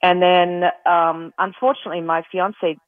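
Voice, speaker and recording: A woman's voice: fairly low pitch, flat delivery, normal speed, no echo. Middle-aged aussie woman, phone-line sound, rambly storytelling, restarts a lot. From Australia. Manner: rambling with many restarts, emotional. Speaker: guest, retired pro golfer. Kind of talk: casual storytelling in an interview. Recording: tinny dry phone line.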